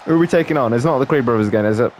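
A man's voice: medium pitch, racing, darkish tone, a faint crowd, slight background noise. A man giving casual, joking let's-play commentary, laughing often and calling people mate. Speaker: gameplay commentator.

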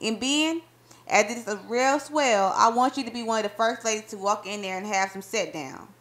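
A woman's voice: on the high side, moderate pace, a bit bright, close to an everyday voice. A woman reading aloud as a boastful young husband, bantering playfully in folksy dialect. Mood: teasing.

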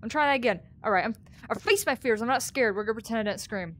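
A young woman playing horror games on her channel, gasping and reacting out loud as she goes. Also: on the high side, fast talker, slight background noise. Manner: excitable, yelps and gasps. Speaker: gaming YouTuber.

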